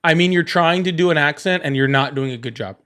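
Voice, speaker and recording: A man's voice: a little high, quick pace, pushed and bright. A man with a Southern American accent hosting a casual live call-in stream, blunt and teasing, often laughing.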